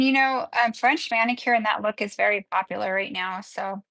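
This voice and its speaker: A woman's voice: medium pitch, creaky, fairly bright tone, no echo, low-quality recording. A middle-aged woman teaching nails on a livestream, chatty and upbeat, talking as she works. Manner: chatty, upbeat, talks while working. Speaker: nail instructor. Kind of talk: livestreamed nail tutorial.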